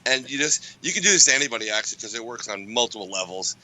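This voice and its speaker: A man's voice: mid-range voice, lively intonation, rapid-fire, bright, forceful tone, low-quality recording. A man, a father, chatting casually on a livestream and joking playfully about scaring his family. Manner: playful, jokey storytelling. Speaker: father and livestream chat participant. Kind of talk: casual chat.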